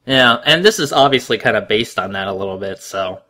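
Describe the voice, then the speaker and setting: A man co-hosting a casual watch-along commentary, animated and jokey, swearing casually. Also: lowish voice, fairly quick. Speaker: commentary co-host.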